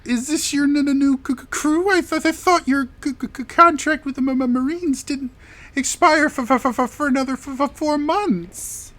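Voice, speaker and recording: A man's voice: very high voice, moderate pace, fairly bright tone, pitched above the performer's own voice. A man voicing a short, bubbly dwarf woman who gushes affectionately. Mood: chatty. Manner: squealing and gushing.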